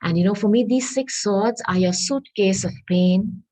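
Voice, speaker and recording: A woman giving a tarot reading to viewers, earnest and reassuring, often pausing to hunt for the right word. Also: medium pitch, dark tone, low-quality recording. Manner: earnest, reassuring, searches aloud for words; addresses viewers as darling. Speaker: tarot reader.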